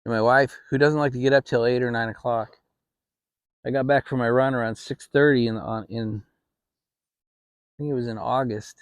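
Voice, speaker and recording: A middle-aged man hosting his own channel, telling a family story in a relaxed, rambling way with frequent restarts. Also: mid-range voice, moderate pace, long pauses, no echo. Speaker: channel host. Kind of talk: casual storytelling. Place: home, relaxed fireside setting.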